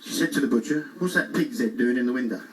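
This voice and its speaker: A man's voice: medium pitch, expressive, fast, close to an everyday voice. A man from England doing a stand-up impression of a classic comic, telling bumbling one-liners with self-mocking asides on a cruise ship stage. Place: cruise ship show lounge. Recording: distant mic, faint noise. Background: audience laughter.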